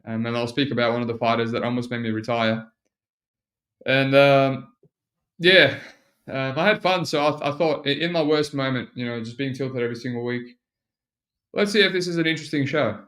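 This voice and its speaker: A man's voice: mid-range voice, normal speed, fairly bright tone. A man hosting a solo podcast, talking casually and rambling, with lots of fillers and restarts. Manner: rambling, self-mocking, frequent fillers and restarts. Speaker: podcast host.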